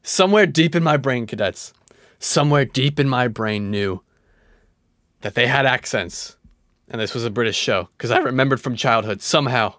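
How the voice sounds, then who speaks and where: A man in his thirties streaming casual reaction commentary. He is excitable and jumps between shouting and muttering. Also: medium pitch, normal speed, dry recording, studio quality. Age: 30s. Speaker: live streamer.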